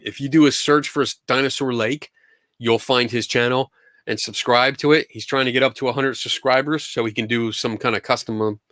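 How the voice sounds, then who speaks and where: A man's voice: medium pitch, a bit bright, no room sound, clean studio sound. A man hosting a live question-and-answer stream, talking casually in an upbeat, enthusiastic way, often restarting his sentences. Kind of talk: casual livestream chat.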